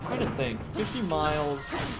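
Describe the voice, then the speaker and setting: A slightly high-voiced Minnesotan streamer from the Twin Cities talks at a measured pace while gaming, his accent mild. He chats with viewers in a rambling, animated style, casually cursing, over faint background game music.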